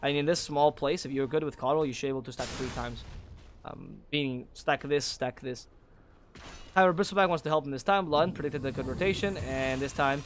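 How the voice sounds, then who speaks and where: Fast-talking opinionated male game caster. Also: medium pitch, slight background noise. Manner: opinionated, drifts into critical rants; frequent self-corrections and repeated words. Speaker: esports caster. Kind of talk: solo play-by-play commentary.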